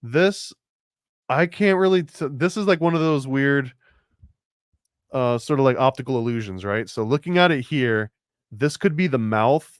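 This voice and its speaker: A man's voice: medium pitch, lively intonation, moderate pace, clear, resonant tone, no echo, studio quality. A man hosting a casual show-and-tell of picture book art, rambling and unsure, full of likes and restarts. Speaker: host.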